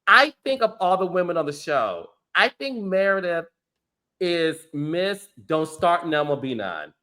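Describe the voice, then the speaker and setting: A man's voice: a little high, big pitch swings, measured pace, sharp tone. A man hosting a casual podcast chat, talking in an emphatic, conversational way. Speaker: podcast host.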